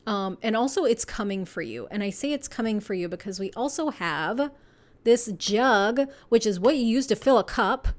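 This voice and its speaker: A woman's voice: on the high side, animated, normal speed. A woman giving a casual pick-a-card tarot reading, chatty and meandering, with lots of fillers, frequent laughter and casual swearing. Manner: laughs often while talking.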